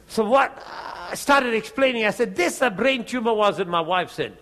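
Middle-aged male preacher, high voice, animated testimony storyteller. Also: moderate pace, few pauses. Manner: animated storyteller, acts out both sides of dialogue.

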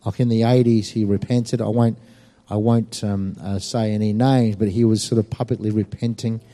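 A man telling a personal testimony in an animated, emphatic way, with many fillers. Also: fairly low pitch, normal speed. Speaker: speaker giving a personal testimony. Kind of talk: storytelling testimony.

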